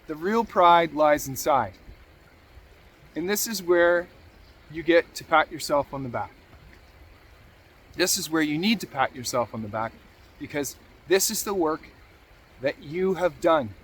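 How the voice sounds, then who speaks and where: A man's voice: on the high side, lively intonation, unhurried, long pauses, a bit bright, slight background noise. A man hosting a motivational talk, earnest and encouraging, repeating key phrases for emphasis. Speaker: podcast host.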